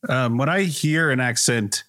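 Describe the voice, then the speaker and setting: A man's voice: medium pitch, a little slow, a bit bright. A man guest on a podcast, telling stories in casual chat, rambling with many fillers. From Denver area. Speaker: improv performer guest.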